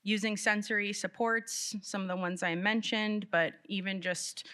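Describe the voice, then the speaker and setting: Bright-voiced woman teacher presenting to parents. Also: mid-range voice, moderate pace, clear, resonant tone. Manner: conversational, animated, light laughs while talking. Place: library meeting room.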